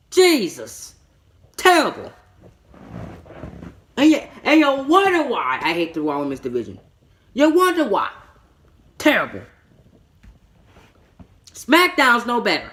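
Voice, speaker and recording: A man's voice: sits high, big pitch swings, normal speed, fairly bright tone. A man giving a casual spoken show review, rambling with frequent stammered restarts and repeated words, and breaking into exasperated mini-rants.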